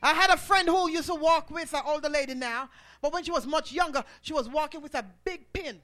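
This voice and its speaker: Man preaching loud, very high voice, shouts his lines w/ an "uh" before each one, gets the crowd to answer back. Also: a little fast. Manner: rising to shouted preaching with "uh" between phrases; calls for the congregation to respond. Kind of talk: sermon.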